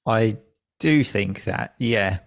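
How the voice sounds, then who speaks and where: Low-ish voiced guy, english teacher, laid back storytelling, lots of "like", dry close sound. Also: slow, vocal fry, no room sound. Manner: relaxed, anecdotal, with fillers like "like". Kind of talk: conversational storytelling.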